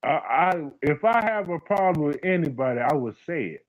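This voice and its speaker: A man hosts a casual livestream, speaking bluntly, repeating his points, and addressing viewers in chat by name. His voice is fairly high-pitched and animated at a moderate pace, with lo-fi sound.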